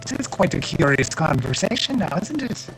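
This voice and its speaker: A woman voices a wood elf character in a game, tossing in dry, teasing remarks with a lively, swinging lilt. Game music plays clearly behind her. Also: fairly low pitch, moderate pace. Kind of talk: in-character game role-play.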